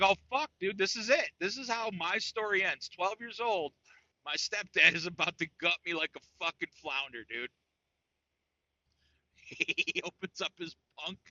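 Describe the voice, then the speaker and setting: A man's voice: fairly high pitch, pushed and bright, no echo, muffled recording. A man from New York telling a comic story on a podcast, profane and saying "dude" after nearly every phrase. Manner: profane, says "dude" constantly. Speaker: podcast co-host. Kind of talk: casual comedic storytelling.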